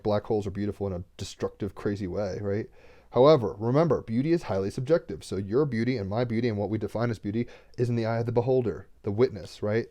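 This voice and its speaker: On a home livestream, a young tarot reader with a fairly low, dark-toned voice rambles in earnest, leaning on "like" and "right?". It's casual spiritual chatter, and he keeps getting emotional, at times nearly crying.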